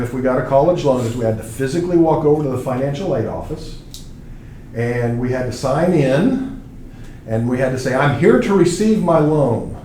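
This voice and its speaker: A man's voice: medium pitch, darkish tone, far from the mic, slight background noise. Man lecturing in an echoey classroom. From Arkansas. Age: 40s. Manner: conversational, asks the class questions. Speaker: college instructor.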